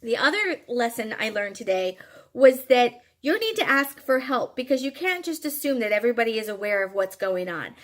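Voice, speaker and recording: A woman's voice: a little high, pushed and bright. A woman telling a personal story in a frank, emphatic way, with some casual swearing. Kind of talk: candid storytelling monologue.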